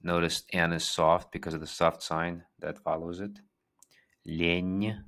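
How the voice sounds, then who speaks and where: A man's voice: low voice, monotone, moderate pace, a bit bright. A man giving a language lesson, patiently drilling words and repeating them, with fillers and restarts as he explains. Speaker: language teacher.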